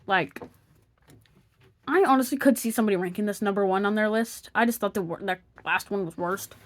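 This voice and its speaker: A woman's voice: mid-range voice, fairly quick. A woman narrating an opinion review of cartoon episodes, sarcastic and exasperated, sometimes dropping to a mutter.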